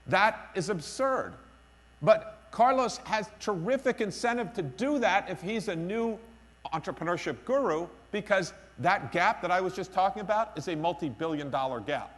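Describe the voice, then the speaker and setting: A man's voice: high-pitched, lively intonation, normal speed, fairly bright tone. Emphatic man giving a keynote in a hall. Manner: emphatic, repeats key phrases, self-deprecating humor. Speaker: keynote speaker. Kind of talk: conference keynote speech. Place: conference hall. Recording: long reverb of a conference hall.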